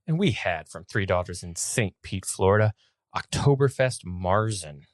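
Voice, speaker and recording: A man co-hosting a casual podcast, relaxed, reading out bits from articles and notes. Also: low voice, moderate pace, dry recording, clean studio sound. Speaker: podcast co-host. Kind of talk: casual chat.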